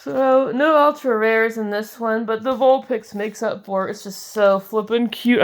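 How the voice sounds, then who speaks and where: Her voice sits on the high side, with a measured pace and few pauses. A young card-collecting video host, she chats casually while opening trading card packs, giggling and gushing over the ones she likes.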